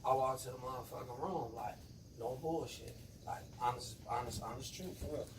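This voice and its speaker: A man's voice: medium pitch, a little fast. Man, profane storyteller, acts out quotes, echoey room, distant noisy mic. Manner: profane, acts out quotes, swings loud and quiet. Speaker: storyteller among friends. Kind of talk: casual story telling.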